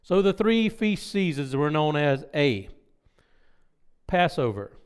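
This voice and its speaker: Male pastor, sermon-style teaching, emphatic, fairly high smooth voice. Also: very animated. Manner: emphatic, slows and stresses key words, asides to the congregation. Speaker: pastor teaching a Bible study.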